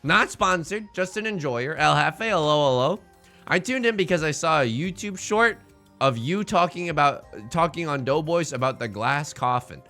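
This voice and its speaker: A man streaming a mahjong game, chatting casually with his chat in a jokey, animated way with mock-heated rants. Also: on the high side, normal speed, soft background music. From born outside the United States. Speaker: Twitch streamer playing mahjong.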